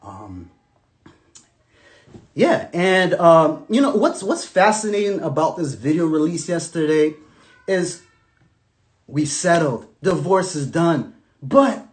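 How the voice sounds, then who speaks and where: A man speaks to camera in a casual storytelling vlog, his voice pitched a little high and bouncing widely in tone. He talks in loose slang, full of restarts, and swings from loud outbursts to near-murmurs. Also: big pitch swings, takes it slowly, pauses often. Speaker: vlogger telling his own story.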